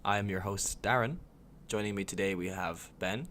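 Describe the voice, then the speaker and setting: A man's voice: lowish voice, moderate pace, a bit bright. A man hosting a casual group podcast, laid-back and joking, swearing now and then. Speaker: podcast host.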